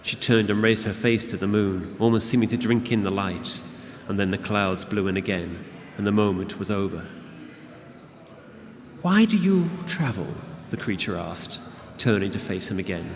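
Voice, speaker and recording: A man reading his fantasy novel aloud to an audience at a convention, in a steady, measured narration. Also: on the low side. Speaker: author reading his book. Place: convention event room. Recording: long hall reverb with audience.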